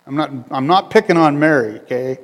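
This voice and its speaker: A man's voice: a little high, animated, fairly quick, creaky. A male preacher giving a sermon in a conversational style, repeating phrases and joking with the congregation. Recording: long reverb of a hall.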